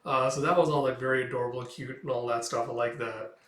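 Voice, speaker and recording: A man's voice: medium pitch, fairly even intonation, fast talker, a bit bright, reverberant. A young man casually reading through and commenting on a manga chapter, rambling with lots of fillers. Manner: rambling, filler-heavy, with sudden swearing. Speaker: manga reaction host.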